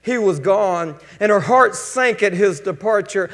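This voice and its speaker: A male pastor preaching a sermon in a folksy, joking, energetic way. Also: high-pitched, a little slow, few pauses. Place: church sanctuary. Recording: church hall reverb.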